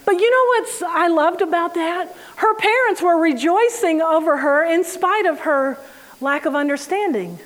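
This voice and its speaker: A woman with a bright, high voice preaches in a relaxed, conversational way. She tells everyday stories with lively energy and laughter, then slows down and softens for scripture passages. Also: rough recording. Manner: animated, laughing storyteller who reads scripture slowly. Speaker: Bible teacher. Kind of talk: conversational sermon.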